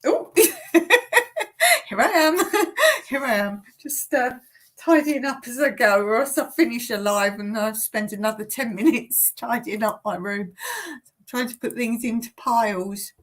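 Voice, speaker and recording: Woman, livestream host, unhurried, giggly chat from home. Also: a little high, lively intonation, a bit bright. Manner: giggly, chatty, often laughing at herself. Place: home in rural Cyprus.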